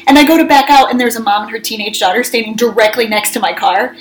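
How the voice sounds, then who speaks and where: A woman co-hosting a casual chat, telling animated stories and acting out her own yelling. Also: a little high, fast talker, a little hiss or hum, rough recording. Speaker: co-host.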